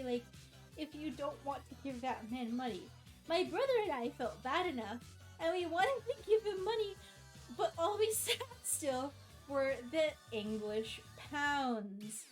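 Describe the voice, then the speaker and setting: A woman's voice: high-pitched, expressive, unhurried, faint music behind. A young American woman streaming, rambling through a travel story in casual chat, self-mocking and acting out quotes. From United States.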